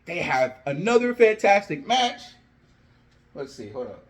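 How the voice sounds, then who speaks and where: A young man casually telling an imagined wrestling storyline, animated and jumping into characters' lines as he goes. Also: high-pitched, a little slow. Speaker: wrestling fan video host. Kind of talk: casual fantasy-booking storytelling.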